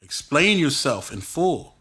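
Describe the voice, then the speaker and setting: A man hosting his own podcast, telling personal stories in an animated, expressive way and using casual street slang. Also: a little high, slow pace. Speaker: podcast host. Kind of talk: casual solo podcast storytelling.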